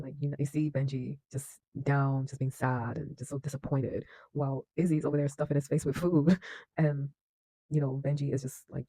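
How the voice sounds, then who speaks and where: This film reactor has a warm, medium-pitched voice, captured on a low-quality recording with no echo. Enthusiastic and slangy, he laughs often and fills his talk with fillers and restarted sentences.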